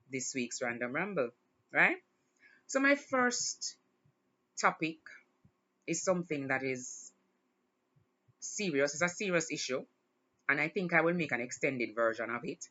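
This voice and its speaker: A woman's voice: deep voice, animated, measured pace, pauses often, pushed and bright, muffled recording. A woman hosting her own show, talking in a casual, reflective monologue and smiling through emotion. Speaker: podcast host.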